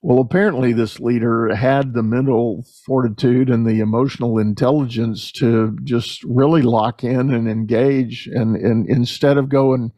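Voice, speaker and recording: A middle-aged man hosts a podcast conversation and leans into storytelling, dropping into quoted voices as he goes. His voice is warm and mellow, and the recording sounds dry and close. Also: medium pitch, fairly even intonation, measured pace, few pauses, no echo, lo-fi sound. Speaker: podcast host. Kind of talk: conversational interview.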